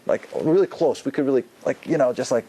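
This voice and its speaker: A rabbi giving an informal, conversational Torah lecture to a class, using many fillers and acting out quoted lines. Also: male voice, mid-range voice, quick pace, mellow, breathy edge, low-quality recording. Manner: conversational, loose with fillers, acts out quotes with a rising voice.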